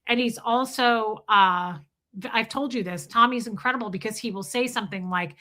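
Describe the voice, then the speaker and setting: Candid woman streamer with a bright, forceful voice, chatting bluntly to viewers. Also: on the high side, moderate pace. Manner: candid and blunt, swears freely, animated. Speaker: livestream host. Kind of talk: casual livestream chat answering viewers.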